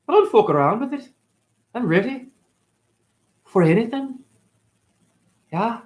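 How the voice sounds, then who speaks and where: A man's voice: very high-pitched, voice pushed up. A man putting on a Scottish accent as a cocky, swearing Scotsman. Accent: Scottish, put on. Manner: cocky, profane, boastful.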